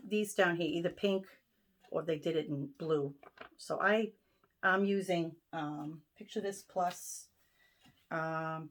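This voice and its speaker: A woman's voice: on the low side, slight background noise. Chatty Boston woman showing her stitching. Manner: chatty, many ums and restarts. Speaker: stitching vlogger. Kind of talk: casual show-and-tell chat. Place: home sewing room.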